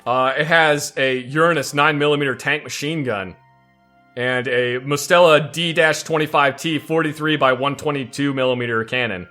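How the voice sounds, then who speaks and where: A man from the United States with a bright, forward voice at an ordinary middle pitch, co-hosting a game playthrough. He explains at length in casual chat, full of fillers and restarts. Faint music sits behind him. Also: moderate pace.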